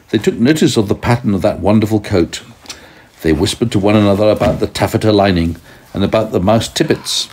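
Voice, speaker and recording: A man reading a storybook aloud to his young child at home, gently pausing to ask questions. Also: lowish voice. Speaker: parent telling a story to a toddler.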